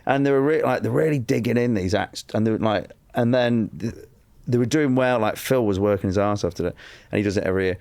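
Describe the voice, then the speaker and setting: A comedian from England telling a long anecdote on a podcast, acting out quotes and laughing a lot. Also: male voice, lowish voice, fast talker, vocal fry, darkish tone, dry recording. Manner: storytelling with acted-out quotes, laughing often. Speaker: comedian guest.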